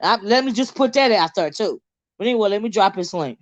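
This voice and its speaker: A woman's voice: mid-range voice, lively intonation, a little fast, no room sound. A woman hosting a livestream in casual chat, fired up, blunt and profane, often stumbling over repeated words. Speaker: livestream host.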